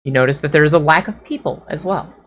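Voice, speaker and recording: A woman's voice: low voice, quick pace. A woman narrating a tabletop role-playing game as game master, describing scenes in detail with brief apologetic asides.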